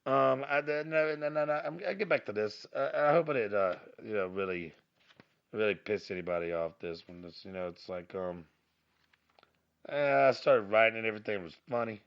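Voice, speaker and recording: A man with a raspy voice and a slight twang, hosting a podcast as a rambling, profane, self-mocking solo rant recorded on his phone. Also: on the low side, moderate pace, dull audio. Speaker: podcast host.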